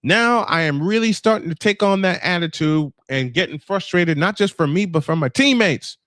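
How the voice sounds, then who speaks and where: A fifties-aged man on a livestream, camera switched off, rants with anger and frustration in a personal monologue, swearing and saying things again for emphasis. His voice is high, animated and a bit bright, at a moderate pace. The audio has no room sound and studio quality.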